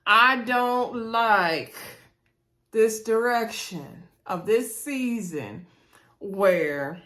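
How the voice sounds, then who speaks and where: A woman's voice: medium pitch, a bit bright. A woman casually recapping and reviewing a reality show episode, chatting to her viewers and laughing often.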